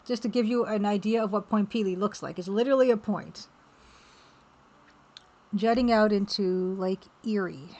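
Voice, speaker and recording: A woman chatting casually on a live art stream while working, reading viewer messages aloud and reacting with excited exclamations. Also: medium pitch, moderate pace, long pauses. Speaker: game developer streaming while drawing.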